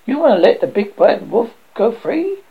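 A woman's voice: on the high side, sing-song, normal speed, husky, voice pushed up, exaggerated voice. A woman voicing a stubborn, scornful male pig on a jury, ranting at the others. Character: stubborn loud-mouthed male pig juror. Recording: dull lo-fi recording.

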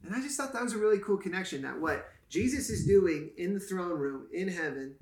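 A man's voice: high voice, lively intonation, brisk. A man, a pastor and podcast co-host, explaining Bible passages in a casual, playful and enthusiastic way. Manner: playful, enthusiastic teacher who jokes and explains. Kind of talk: casual Bible teaching chat. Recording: roomy echo.

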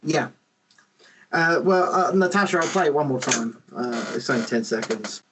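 A man hosting a casual podcast chat, animated and rambling, with lots of restarts, on a podcast microphone. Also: medium pitch, moderate pace, background noise.

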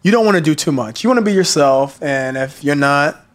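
Easygoing Southern man, drawn-out talk. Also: on the high side, animated. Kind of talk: casual chat.

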